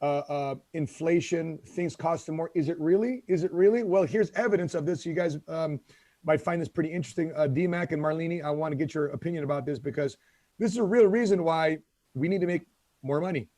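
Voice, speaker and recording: A man co-hosting a podcast, his voice sitting a little high for a man. He keeps it conversational, turning to his co-hosts with questions. The sound is close and dry. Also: brisk, mellow, dry recording. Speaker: podcast co-host. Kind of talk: casual podcast chat.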